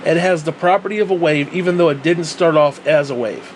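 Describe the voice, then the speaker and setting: A man's voice: a little high, a little fast, slight background noise. A man ranting in a rambling, sarcastic vlog monologue, swearing often and trailing off mid-thought. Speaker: vlogger.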